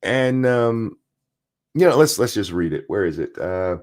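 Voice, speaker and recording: A man's voice: lowish voice, big pitch swings, a little slow, a little mellow. A man hosting a live stream, reading news articles aloud and ranting about them with sarcasm and profanity.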